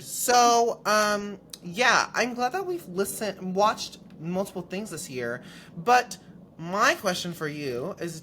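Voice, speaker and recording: A young man co-hosting a podcast in casual chat, telling animated stories, swearing casually and laughing often. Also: high voice, a little hiss or hum. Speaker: podcast co-host.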